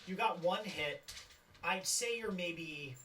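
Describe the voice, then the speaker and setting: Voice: medium pitch, takes it slowly, pushed and bright, slight background noise. A game master narrating a tabletop game and calling for dice rolls. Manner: rambling, calls for dice rolls. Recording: roomy, distant mic.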